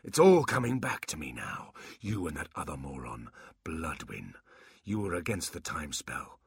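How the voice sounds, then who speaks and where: A man voicing an ageless warlock demon who talks slowly and quietly, at times in a whisper, sounding bored and superior. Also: very deep voice, steady tone, breathy edge, dry recording, full character voice. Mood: scornful. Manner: slow, patient, bored.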